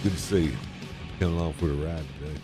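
A man's voice: extremely low pitch, steady tone, fast talker, music in the background. A man hosting a talk radio show into a headset mic, talking in a put-on folksy drawl with a joking, sarcastic manner. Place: radio studio. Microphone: headset microphone.

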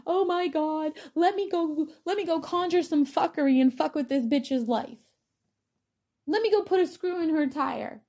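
A woman putting on the voice of a spiteful gossiping woman who plots revenge, in a shrill, mocking, theatrical manner. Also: moderate pace, mellow.

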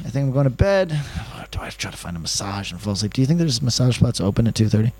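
A man's voice: mid-range voice, animated, rapid-fire, hardly any pauses, darkish tone, dry recording. A man hosting a podcast, telling a comedic story in a rambling, profane, self-mocking way. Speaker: podcast host.

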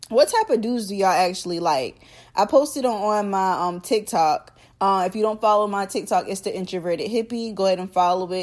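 A young woman hosts her own podcast, chatting straight to her listeners. She talks in a loose, slangy, animated way, with her pitch sitting in the middle of the usual range. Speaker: podcast host. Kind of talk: casual solo podcast chat.

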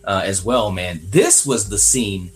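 A man's voice: lowish voice, unhurried, slight background noise. A man co-hosting a casual movie review podcast, enthusiastic, tagging his sentences with "man". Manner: enthusiastic, says "man" a lot. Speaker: podcast co-host.

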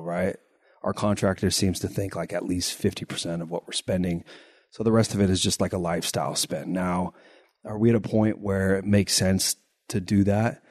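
A man with a low, mellow voice talks through a casual podcast chat, a little congested from his nose. He rambles and repeats words as he thinks. The sound is dry and close. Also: no echo. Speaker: podcast co-host.

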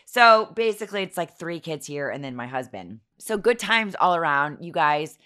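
A low-pitched woman in her thirties with a hoarse, scratchy voice. She hosts a casual podcast and chats in a giggly, self-mocking way. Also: lively intonation, normal speed, hardly any pauses, a bit bright. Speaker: podcast host. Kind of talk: casual chatty storytelling.

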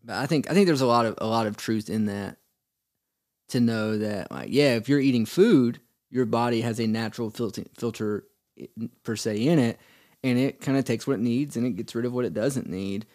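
A man talking thoughtfully in a casual conversation, pausing to search for words. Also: medium pitch, a little mellow. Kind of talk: casual chat.

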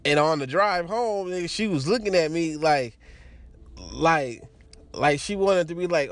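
A man spins a crude personal anecdote in loose, casual talk, chuckling often and circling back over his words. His voice sits a little high and swings widely up and down as he tells it. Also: animated, measured pace, no echo. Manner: crude, laughing, rambling with many restarts. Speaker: storyteller.

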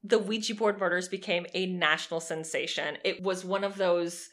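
A young woman co-hosting a podcast, telling a true crime story in a lively, sarcastic way and swearing freely. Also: fairly low pitch, moderate pace. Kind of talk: casual storytelling chat.

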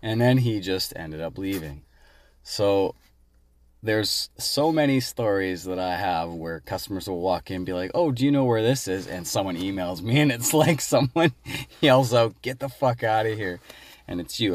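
A man from Canada calling in to tell a casual, animated story about his workplace. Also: sits low. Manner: animated, laughs while telling. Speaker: caller leaving a voice message.

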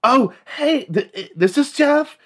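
A man's voice: lively intonation, fairly bright tone, exaggerated voice. A man putting on the voice of a campy, theatrical man who gushes dramatically. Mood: gushing. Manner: shrill, drawn-out, gushing.

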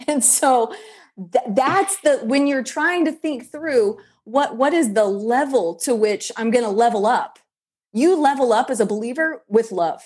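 A woman's voice: on the high side, unhurried, a little mellow, slightly rough. A woman guest on a faith-based leadership podcast, talking in emphatic, preacher-like bursts.

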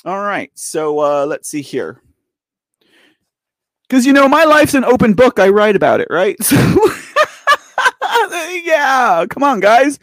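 Animated, high-pitched man in his forties. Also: takes it slowly, long pauses, no echo, studio quality. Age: 40s. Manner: animated, sarcastic, laughing asides and rhetorical questions. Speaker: host of a political commentary show. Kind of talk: live off-the-cuff commentary.

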